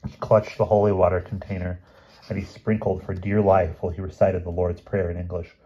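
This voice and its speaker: A man reading a novel aloud as an audiobook narrator, steady, with small slips and restarts. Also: low voice, a little fast, husky, highs cut off. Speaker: audiobook reader.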